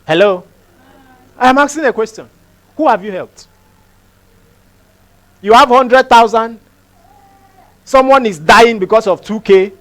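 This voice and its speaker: A man's voice: very high-pitched, a little slow, pauses often, a bit bright. A male pastor, preaching a sermon emphatically, repeating phrases and asking rhetorical questions.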